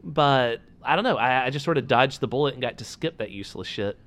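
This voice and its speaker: A man's voice: mid-range voice, animated, a little fast, a bit bright. A man co-hosting a casual podcast, giving blunt opinions with jokes and casual swearing. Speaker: podcast co-host.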